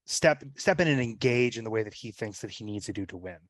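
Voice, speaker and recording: A man's voice: lowish voice, expressive, fast talker, dry recording. Rambling man player at a game table. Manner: rambling, with many fillers like "like" and "right?". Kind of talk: casual chat describing his character's actions.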